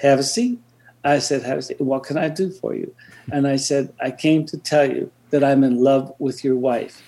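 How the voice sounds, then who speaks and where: Gravelly older man telling stories. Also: medium pitch, dark tone. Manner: hesitant, many restarts and fillers. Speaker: interview guest. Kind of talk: reflective storytelling.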